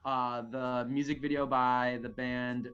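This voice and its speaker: A man's voice: medium pitch, level tone, unhurried, fairly bright tone, clean tone, dull audio, faint music behind. A man playing a tabletop game, telling a story with many "like" fillers. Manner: rambling, full of "like" fillers. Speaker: tabletop player.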